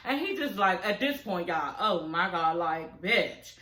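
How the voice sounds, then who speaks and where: A high-voiced woman gives a blunt, profane recap of a reality TV episode, laughing as she talks straight to her listeners. Her voice is sharp and bright. She sounds like she is in a roomy, echoing space. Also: very animated, normal speed, hardly any pauses. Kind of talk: casual profane recap chat.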